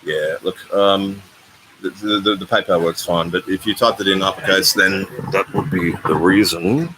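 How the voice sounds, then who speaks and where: A deep-voiced man in his sixties chats casually on a live stream from a residential complex. He rambles between stories and thanks donors one by one. A steady wash of ambient noise sits behind him. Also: moderate pace. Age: 60s. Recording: noisy ambient background.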